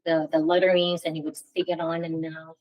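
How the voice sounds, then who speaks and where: A woman guest on a radio talk show, speaking softly and from the heart about her family business. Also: low-pitched, level tone, a little fast, poor audio. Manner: soft, heartfelt. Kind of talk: radio interview.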